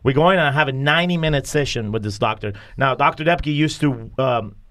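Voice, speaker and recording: A man's voice: medium pitch, fairly quick, fairly bright tone. A man hosting a candid conversational podcast who talks bluntly, swears often and goes off on heated rants. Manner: blunt, profane, ranting. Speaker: podcast host.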